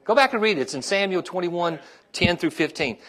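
A man's voice: expressive, brisk, fairly bright tone. Conversational preacher man calling "amen?". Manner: conversational, repeats himself, asks "amen?"; rises in pitch and volume when stirring the congregation. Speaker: pastor. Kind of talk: sermon.

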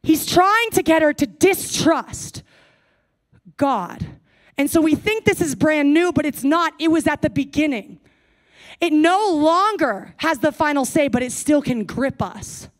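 Young woman preaching, kinda high voice, chill and jokey. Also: a little slow. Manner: casual and playful, with jokey asides. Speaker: speaker at a young adults service. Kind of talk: sermon.

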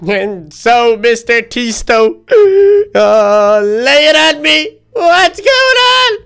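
Man doing a high, bright cheeky baby duck. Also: a little slow, smooth, full character voice. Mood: excited. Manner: excitable, rambling, stammers. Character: cheeky young boy duckling, excitable and boastful. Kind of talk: Minecraft role-play voice acting.

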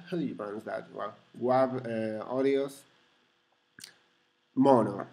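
A man for whom English is a second language talks unhurriedly at a middle pitch through a hobby computer project. He hesitates often, restarts his phrases and fills the gaps with ums. He chuckles softly to himself now and then. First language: not English. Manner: hesitant, with many fillers and self-corrections. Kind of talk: casual screen-recorded walkthrough.

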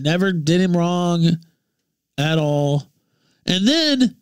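A man from Memphis, ranting profanely on his livestream, jumping between shouts and low mutters. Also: clean tone, no echo, clean studio sound. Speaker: livestream host.

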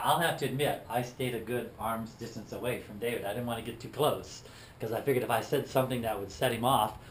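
A man telling a personal testimony story and acting out the scenes in a lively way. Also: mid-range voice, slight background noise. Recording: roomy, distant mic.

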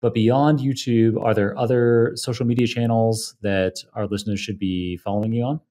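A man hosting a podcast interview, appreciative and measured as he thanks his guest and asks questions. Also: fairly low pitch, fairly even intonation, mellow. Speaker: podcast host.

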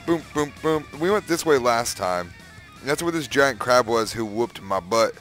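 A young man giving casual, excitable gameplay commentary, exclaiming and humming to himself. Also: mid-range voice, unhurried, faint music behind. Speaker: gaming youtuber.

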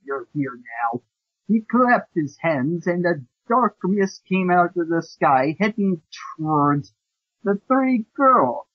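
A man with a husky, slightly raised voice reads a bad fanfic aloud at an unhurried pace, mocking the prose as he goes. The recording is dull and lo-fi, with a dry, close sound. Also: high-pitched, lively intonation, no room sound. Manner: mocking, swears and breaks off to joke about the text. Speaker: fanfiction reader. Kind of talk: comedic read-aloud with commentary.

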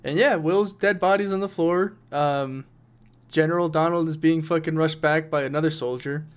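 A man's voice: fairly high pitch, steady tone, moderate pace, smooth. A man narrating as game master in a casual tabletop game, rambling and swearing as he describes the scene.

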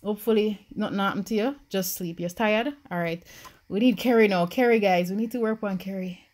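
A young woman with a Jamaican accent giving excitable, anxious commentary as she plays a life-sim game. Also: mid-range voice, fairly quick. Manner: animated, swings from anxious murmurs to shrieks. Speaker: gaming YouTuber.

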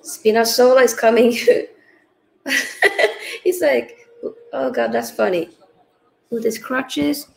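A woman hosting a live football watchalong chats casually with viewers. Her voice sits a little high and has a gravelly, fry-laden edge. She sounds tired after hours of streaming but keeps the talk loose and chatty. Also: slow, pauses often, poor audio. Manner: chatty, animated, reads out viewer comments. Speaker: livestream host.

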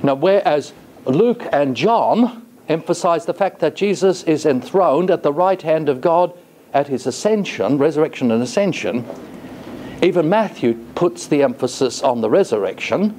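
A man's voice: fairly high pitch, lively intonation, moderate pace, mellow, slight background noise. A man giving a college lecture in a classroom. He talks in a thoughtful, hesitating way and keeps asking the class rhetorical questions.

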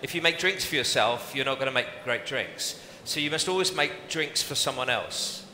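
A bright-voiced man from the United Kingdom talks through drink making on a live event stage, pausing and restarting as he gathers his thoughts. His voice rings with a clear edge and carries a long, roomy hall reverb. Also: medium pitch, expressive, slight background noise. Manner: hesitant, halting with restarts. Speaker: bartender giving a masterclass. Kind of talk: casual live onstage chat.

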